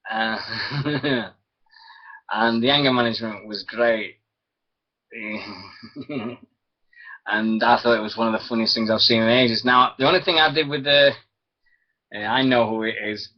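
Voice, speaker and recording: A man's voice: mid-range voice, unhurried, long pauses. A man hosting a wrestling radio show alone, rambling, chuckling and losing his thread. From Britain. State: sore throat. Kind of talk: rambling solo internet radio chat. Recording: dull lo-fi stream audio.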